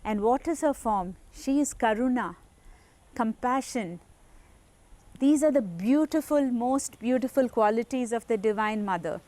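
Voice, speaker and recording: A woman's voice: on the high side, lively intonation, unhurried, dark tone. A woman giving an earnest, reverent devotional teaching talk as a spiritual teacher.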